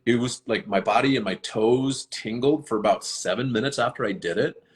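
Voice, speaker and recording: A man's voice: mid-range voice, moderate pace. A man chatting casually on a live stream, earnest and rambling, with many fillers and restarts. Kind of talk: casual chat.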